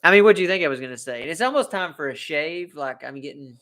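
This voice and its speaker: An American livestream host chats casually from home, hopping between topics and repeating himself. His fairly high voice is bright, forward and animated, with a quick pace, and he sits close to a desk microphone.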